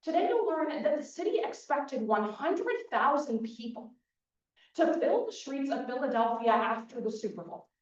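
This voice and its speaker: Young woman lawyer talking to the jury, bit high, recorded far away and muffled. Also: big pitch swings. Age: young adult. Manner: measured, addresses the jury directly. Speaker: plaintiff attorney in a mock trial. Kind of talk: persuasive opening statement. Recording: dull, echoey hall from far off.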